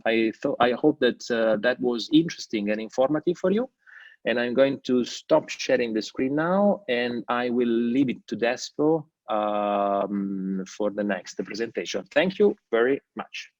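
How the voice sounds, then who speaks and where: A man with an Italian accent giving a webinar presentation as a school representative, halting with many fillers. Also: mid-range voice, no echo. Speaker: university representative. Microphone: video call. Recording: muffled video call audio, dry.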